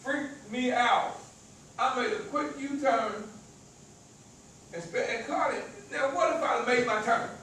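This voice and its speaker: Stammering country-accented man, high voice. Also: a little slow, pauses often, bright, forceful tone, slight background noise. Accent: rural American country accent. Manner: stutters and stammers, repeats words, preachy. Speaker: motivational speaker. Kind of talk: motivational talk to a live audience. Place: echoey event room with an audience. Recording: very echoey room, voice far from mic.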